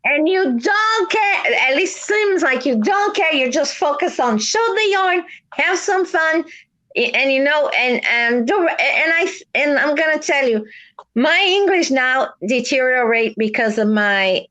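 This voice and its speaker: High-voiced woman. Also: unhurried. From South America. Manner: earnest, animated storytelling with restarts. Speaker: livestream host. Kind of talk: casual chat.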